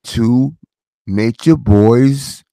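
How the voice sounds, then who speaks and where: Hosting his own commentary channel, this middle-aged man drifts through a casual monologue, preaching with rhetorical questions and phrases he keeps repeating. He draws out his words in a creaky, mellow, medium-pitched voice. It's recorded cleanly in a studio, free of echo.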